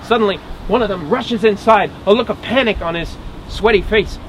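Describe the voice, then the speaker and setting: A man's voice: high-pitched, moderate pace, a bit bright, poor audio. A man playing a wry, dogged 1850s marshal, telling his story as a first-person dramatic monologue with grumbling asides. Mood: tense, wry. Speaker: historical reenactor. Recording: outdoor recording with traffic noise.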